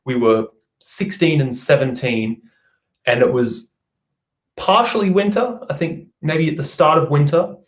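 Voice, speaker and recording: A man's voice: fairly high pitch, measured pace. A young Australian man chatting casually on a live stream, reading out and answering viewer comments. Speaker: vlogger.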